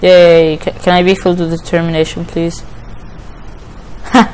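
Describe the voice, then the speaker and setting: A woman's voice: on the low side, flat delivery, a little fast, darkish tone, slight background noise, low-quality recording. A woman giving casual let's-play commentary on a story game, emotional, often pleading and exclaiming. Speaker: gamer playing a story game.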